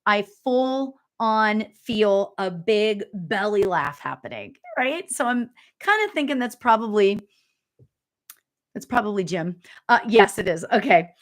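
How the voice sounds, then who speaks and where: A middle-aged woman giving a live spiritual reading, chatty and giggly, full of fillers and quick asides, sometimes dropping to a whisper. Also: medium pitch, animated. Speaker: spiritual medium. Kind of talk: live reading, casual chat.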